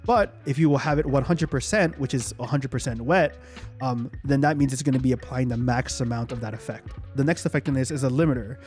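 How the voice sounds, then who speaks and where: A young man talks through a casual audio tutorial in a relaxed, chatty way, with plenty of fillers and restarts as he demonstrates on himself. His voice sits at an ordinary middle pitch and comes through a home studio microphone. Soft background music plays faintly underneath. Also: a little fast. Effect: live equalizer changes on his own voice. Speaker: streaming audio tutorial host. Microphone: studio microphone in a home streaming setup.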